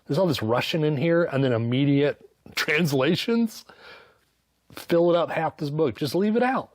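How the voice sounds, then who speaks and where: A man's voice: on the high side, animated, moderate pace, dry recording. A man giving a casual, sarcastic book review, swearing freely and tossing in mock-voiced asides. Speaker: book reviewer, channel host.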